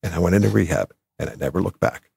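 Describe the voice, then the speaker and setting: A man in his sixties from New Jersey appears as a podcast guest, telling candid personal stories with emotion and acting out what others said. His voice is low, gravelly, husky and darkish, and he talks fast, with no echo.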